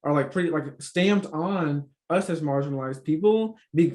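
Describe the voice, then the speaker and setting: A man's voice: on the high side, moderate pace, a little mellow. A man hosting a casual conversation, talking emphatically with lots of fillers and swearing. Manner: emphatic, profane, filler-heavy. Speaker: podcast host.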